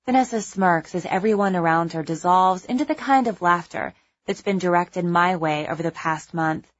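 A young adult woman narrating a first-person audiobook in a measured, wry, conversational way. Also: lowish voice, muffled recording.

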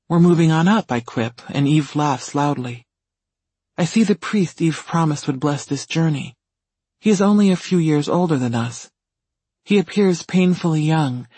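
Man, husky, calm storybook narration, slightly high voice. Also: no echo. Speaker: audiobook reader. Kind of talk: scripted narration.

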